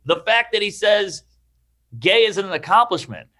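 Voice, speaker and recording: A man with a fairly high speaking voice that has a bright, sharp edge. He is a stand-up comedian in his thirties talking casually as a podcast guest. He jumps into quoted voices as he tells stories. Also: normal speed. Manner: animated, acts out quoted voices.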